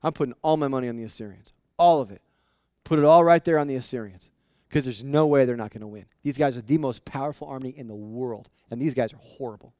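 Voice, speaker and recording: A man voicing scoffing male experts betting on the stronger army, in a low, dismissive voice. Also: fast talker, darkish tone, no room sound, natural voice.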